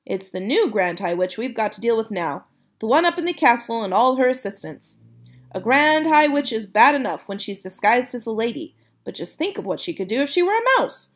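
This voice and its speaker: A woman's voice: on the high side, very animated, fairly quick. A woman voicing a spirited, fierce old grandmother who speaks emphatically and exclaims often. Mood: stern.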